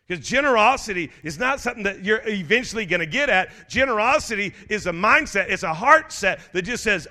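A man's voice: high voice, sharp tone. A middle-aged male pastor preaching a sermon in a church, telling stories in a loose, conversational way with many restarts and calling out to the congregation. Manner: conversational storytelling with frequent restarts and stammers; preacher's call-outs to the congregation.

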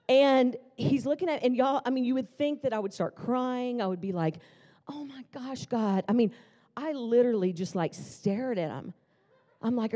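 A woman in her fifties, a pastor preaching at a conference and telling her own testimony in a chatty, conversational way with lively asides. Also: mid-range voice. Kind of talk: conference sermon with personal testimony. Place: large church hall. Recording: long reverb of a church hall.

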